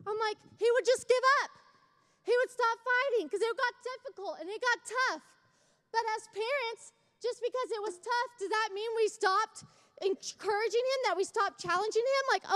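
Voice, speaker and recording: A woman's voice: extremely high pitch, animated, normal speed, long reverb tail. A young woman speaking at a church service, telling a chatty, self-mocking parenting story that builds into fervent encouragement. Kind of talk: sermon with personal story.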